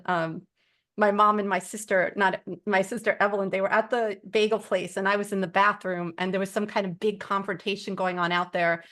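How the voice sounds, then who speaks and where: A woman telling spiritual stories in a loose, rambling way, with "like" dropped into nearly every sentence. She speaks earnestly, at a middle pitch, in a relaxed group-sharing tone. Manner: rambling, heavy use of "like" fillers. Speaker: support group member.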